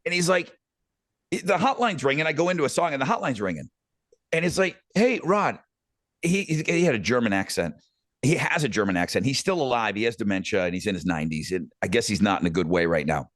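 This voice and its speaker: Animated middle-aged man telling stories. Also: mid-range voice, fast, no room sound, studio quality. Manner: rambling, animated anecdotes with many fillers. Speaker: podcast host. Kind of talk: casual storytelling chat.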